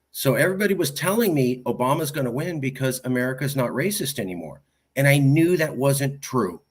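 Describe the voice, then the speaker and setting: A man hosting an interview podcast, telling stories in an animated, emphatic way and repeating his points. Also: mid-range voice, slightly rough. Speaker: podcast host. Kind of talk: casual conversational interview.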